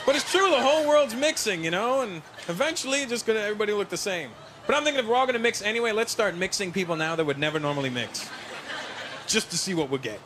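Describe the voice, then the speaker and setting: A man performing a stand-up comedy set, telling stories with lively delivery and putting on voices. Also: sits high, racing, few pauses. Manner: animated storytelling, doing voices of parents and strangers. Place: large venue with a laughing audience. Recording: live show with loud crowd laughter and noise.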